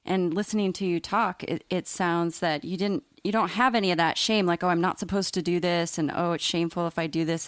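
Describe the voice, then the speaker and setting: A woman with a fairly low voice co-hosts a relaxed talk. She speaks frankly and reflectively, pausing to find her words. The sound is close and dry, with no room around it. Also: no room sound. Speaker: co-host. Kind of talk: casual conversation.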